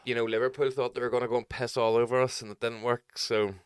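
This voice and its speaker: A young man, a podcast co-host, telling a sweary, animated story in casual chat. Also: mid-range voice, fast, clear, resonant tone, no echo, clean studio sound.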